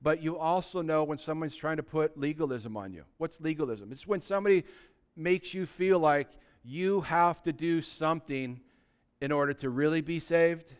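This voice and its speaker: A man preaching a sermon as pastor, talking conversationally and building to loud, emphatic peaks, often acting out what people say. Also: a little high, clean tone. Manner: acts out quoted voices of believers.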